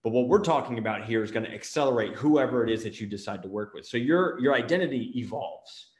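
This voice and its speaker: A middle-aged man delivers a motivational business talk to camera with energy, firing off one rhetorical question after another. His voice sits at an ordinary male pitch and bounces around a noticeably echoey room. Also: animated, fast, darkish tone. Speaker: marketing agency owner and show host.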